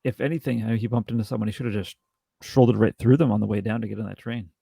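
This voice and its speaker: A man co-hosting a podcast, chatting casually about a movie with halting restarts and dry jokes. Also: on the low side, fairly even intonation, gravelly, warm tone, slightly rough, no echo. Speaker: podcast co-host. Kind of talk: casual film review chat.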